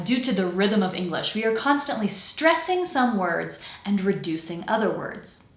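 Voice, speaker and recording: A woman with a General American accent teaches pronunciation in a clear, instructive way, slowing down to demonstrate each word. Her voice sits in a middle pitch range. The recording carries noticeable room echo. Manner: clear and instructive, slowly models example words. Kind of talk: scripted teaching lesson.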